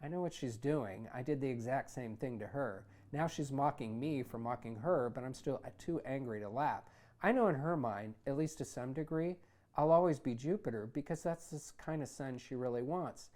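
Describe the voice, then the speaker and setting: A man who hosts a show, reading his own memoir aloud in a conversational, wry way that gets animated in heated passages. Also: mid-range voice, normal speed. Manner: conversational, wry, animated when retelling anger. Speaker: author and host.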